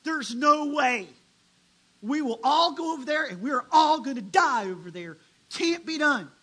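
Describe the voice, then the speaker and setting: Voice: medium pitch, moderate pace, a bit bright, voice pushed down, natural voice. Fearful spies, a preacher acting them out. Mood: panicked. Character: fearful ten spies, panicked and defeated.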